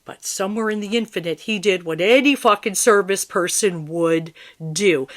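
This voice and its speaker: A woman's voice: medium pitch, moderate pace, few pauses. A middle-aged woman, a psychic, in an agitated, swearing and repetitive monologue to her viewers.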